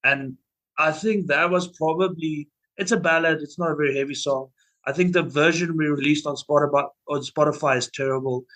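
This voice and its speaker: A man's voice: a little high, steady tone, fairly quick, fairly bright tone, low-quality recording. A young man, a band's vocalist, telling stories in a casual interview, full of restarts and fillers. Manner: rambling, many restarts and fillers. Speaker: band vocalist.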